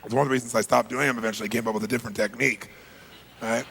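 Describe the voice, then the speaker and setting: A man speaking as a motivational seminar speaker, telling an animated story in a gravelly voice and addressing a live audience directly. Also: mid-range voice, rapid-fire, a little hiss or hum.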